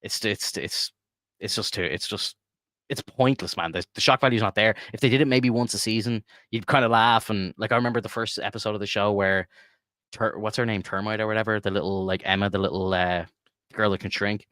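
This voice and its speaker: A man's voice: lowish voice, fairly even intonation, brisk, bright, forceful tone, no echo, clean studio sound. A young man co-hosting a casual podcast chat, swearing freely, rambling with lots of "like" and laughing often. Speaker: podcast co-host.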